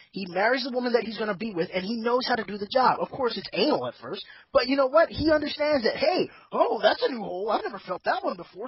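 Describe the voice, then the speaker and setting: A man's voice: high voice, breathy edge, no echo, muffled recording. A man hosting a casual group chat podcast, rambling and opinionated and swearing freely. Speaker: podcast host.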